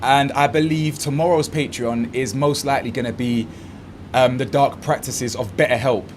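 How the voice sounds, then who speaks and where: A man's voice: medium pitch, steady tone, normal speed, slight background noise. A man hosting his own commentary channel, ranting in a blunt, mocking, slangy way.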